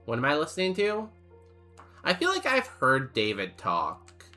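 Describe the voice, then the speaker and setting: While playing and reading his chat, a young streamer rambles and jokes casually, using plenty of fillers. He sounds high-pitched and sharp, with huge pitch swings and a measured pace, over soft background music.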